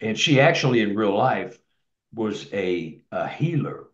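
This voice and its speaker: A man's voice: on the low side, sing-song, measured pace. A man telling a long personal story in a rambling, casual way, with many restarts and repeated words. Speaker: guest telling his experiences. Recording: echoey, dull lo-fi sound.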